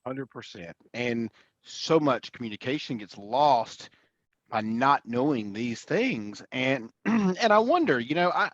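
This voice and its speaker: A man's voice: medium pitch, expressive, takes it slowly, no echo. Enthusiastic male host, muffled lo-fi audio. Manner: enthusiastic, many fillers and restarts. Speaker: host and sales coach. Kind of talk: casual interview conversation.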